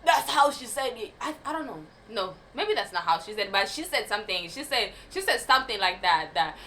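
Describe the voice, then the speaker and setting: A woman's voice: medium pitch, lively intonation, a little fast, few pauses, sharp tone, slight background noise, rough recording. A young woman in a casual storytime vlog, talking animatedly, swearing and laughing often. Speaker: vlogger telling a story.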